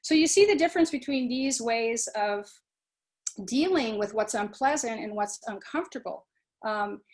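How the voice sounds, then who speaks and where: A woman giving a talk on mindfulness, animated, acting out students' inner voices and often asking "right?" and "you know". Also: a little high. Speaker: guest speaker on mindfulness. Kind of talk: talk to a webinar audience.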